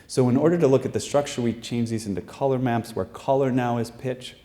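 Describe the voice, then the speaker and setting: A man's voice: medium pitch, fairly quick, dark tone. A man presenting his research to a live audience, explaining patiently with frequent fillers and restarts. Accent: American. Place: performing arts center stage.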